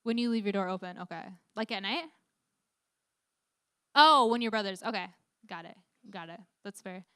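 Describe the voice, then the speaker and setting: A woman's voice: medium pitch, normal speed, pauses often, bright, forceful tone, clear, resonant tone, dry recording, clean studio sound. A young woman leading a youth group Bible talk, upbeat, often putting questions to the teens. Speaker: youth leader.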